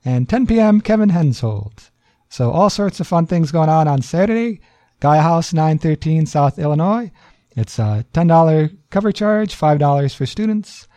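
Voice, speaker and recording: A man co-hosting a community radio show, reading event listings in a relaxed, casual way. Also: on the high side, moderate pace, no echo. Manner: relaxed, reads event listings with easy chuckles. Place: radio studio.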